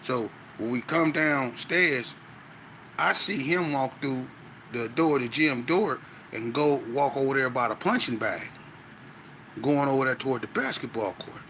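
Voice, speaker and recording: A man's voice: medium pitch, measured pace, slight background noise. A man in casual conversation, animatedly telling a story with speech. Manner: animated, with frequent "you know what I'm saying". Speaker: podcast guest.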